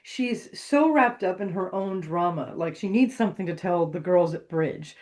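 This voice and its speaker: A podcast co-host talks in a relaxed, wry, conversational way. Quick agreeing asides punctuate the partner's points, and the voice sits at a middle pitch. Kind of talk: casual chat about a radio drama.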